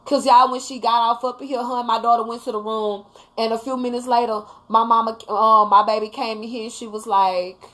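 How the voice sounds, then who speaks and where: A woman's voice: fairly high pitch, fairly even intonation, fairly quick, fairly bright tone. A mother hosting a casual live talk, speaking emphatically and bluntly to her viewers, now and then swearing. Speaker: livestream host talking to viewers.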